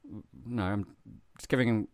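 A man's voice: on the low side, steady tone, normal speed, clear, resonant tone, no echo, studio quality. A man from New Zealand with a New Zealand accent, telling a personal story in casual podcast talk, swearing freely and getting emotional.

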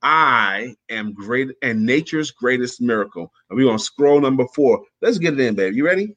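A man's voice: medium pitch, expressive, fairly bright tone, lo-fi sound. Upbeat man hosting a morning chat. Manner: upbeat, laughs often, slow emphatic reading. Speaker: host. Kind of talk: casual chat and reading aloud.

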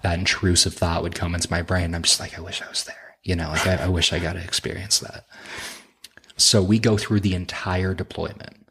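A man's voice: low-pitched, a bit bright, slightly rough. A man on a podcast as a guest, casually telling a laugh-filled, profane story from his army days. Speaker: podcast guest, helicopter crew chief.

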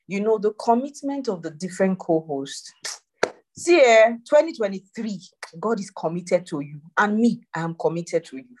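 A woman leading a church prayer call, preaching and joking with animated swings in voice. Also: deep voice, fairly quick. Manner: animated, preachy, laughs and jokes. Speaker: prayer group leader. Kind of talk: testimony session on a call.

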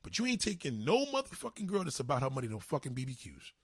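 A man's voice: mid-range voice, huge pitch swings, quick pace, slightly rough, no room sound. A man ranting casually and profanely to his viewers, acting out both sides of conversations. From New York. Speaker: commentator.

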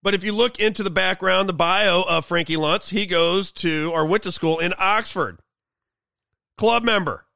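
A man's voice: high voice, normal speed, vocal fry, sharp tone, dry recording. A male host giving a sarcastic, mocking political commentary monologue.

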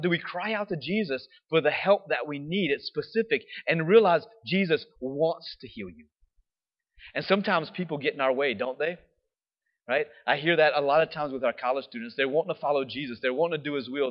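Animated male preacher, dull lo-fi sound. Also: a little high. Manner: animated storytelling, often asking "right?"; drops to a soft, slow voice for reflective points. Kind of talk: sermon. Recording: dull lo-fi recording.

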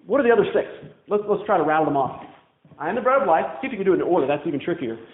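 A man's voice: sits high, expressive, rapid-fire. A man preaching a sermon as pastor, talking in a conversational way and asking the congregation questions. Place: church. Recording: phone-like echoey church sound.

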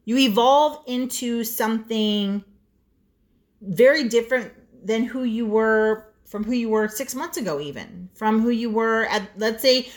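A woman in her forties co-hosting a casual chat podcast, blunt and profane as she tells stories. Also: on the high side. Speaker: podcast co-host.

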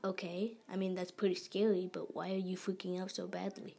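A woman's voice: fairly low pitch, level tone, brisk, vocal fry, warm tone, slight background noise. A woman whispering as a smug boy spy. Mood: casual. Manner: smirking, cold. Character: boy turned German spy, smug and menacing.

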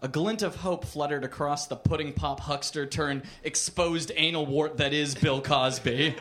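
A man's voice: fairly high pitch, fairly even intonation, normal speed, fairly bright tone. A man reading a crude comic story aloud on a comedy club stage, with mock-literary narration. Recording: noisy live club recording.

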